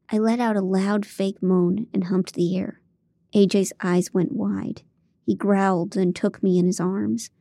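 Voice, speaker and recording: A woman's voice: mid-range voice, mellow, no room sound. A woman narrating a first-person audiobook in a dry, comic way on a close studio mic.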